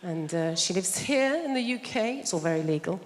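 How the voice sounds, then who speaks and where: A woman's voice: lowish voice, expressive, brisk. A woman from England performing stand-up on a theatre stage, chatty and teasing the crowd. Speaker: stand-up comedian. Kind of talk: stand-up comedy set. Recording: reverberant live theatre, noisy. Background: audience laughter.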